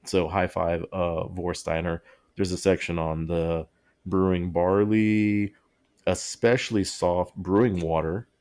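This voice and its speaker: A man's voice: deep voice, fairly even intonation, takes it slowly, darkish tone. A man co-hosting a podcast in casual chat, rambling and often breaking into laughter mid-sentence. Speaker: podcast co-host.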